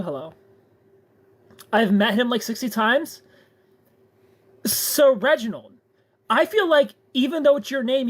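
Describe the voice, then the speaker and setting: A live streamer casually chatting and greeting viewers by name, playful and quick to laugh. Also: mid-range voice.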